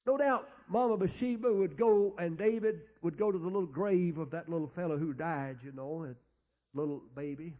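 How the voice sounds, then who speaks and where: High-voiced folksy preacher. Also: male voice, moderate pace, darkish tone. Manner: folksy storytelling, acts out Bible characters' dialogue. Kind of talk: sermon.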